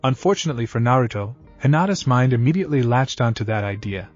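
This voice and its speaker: A man reading scripted fan fiction narration in a steady, even way. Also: mid-range voice, fast talker. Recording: dull lo-fi audio with faint music.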